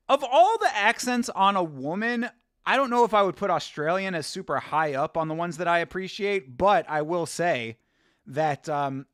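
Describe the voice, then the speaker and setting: Lively high-voiced man chatting on stream. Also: no room sound, studio quality. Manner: rambling, laughs often, reads chat aloud. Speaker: watch-along host. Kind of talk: casual live-stream chat.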